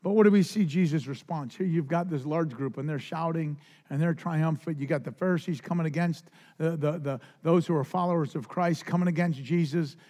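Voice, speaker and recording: A man preaching a sermon with passion, stumbling over restarts and swinging between hushed lows and near shouts. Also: fairly quick. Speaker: pastor. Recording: loud music behind the voice.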